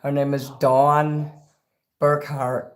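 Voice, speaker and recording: A man's voice: a little high, level tone, slow pace. Rambling profane man. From Chicago. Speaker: livestream host. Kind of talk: casual livestream chat.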